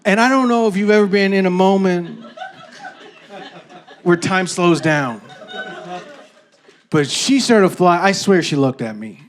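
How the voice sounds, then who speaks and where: Animated stand-up comedian, man. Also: high voice, measured pace, pauses often. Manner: animated storytelling with shouted bits and voiced characters. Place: comedy stage before a laughing audience.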